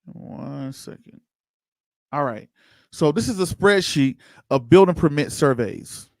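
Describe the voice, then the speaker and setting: Male livestream host, slightly high voice, casual and chatty, close dry mic. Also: expressive, takes it slowly, a little mellow, dry recording. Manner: loose, conversational, chats with viewers by name. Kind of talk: casual livestream commentary reading chat.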